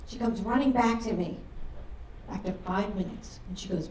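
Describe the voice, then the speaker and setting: A middle-aged woman performing a crude stand-up comedy set on a club stage, delivering brash deadpan punchlines. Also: mid-range voice, fairly quick, recorded from a distance, slight background noise. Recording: roomy club sound from afar, audience laughter.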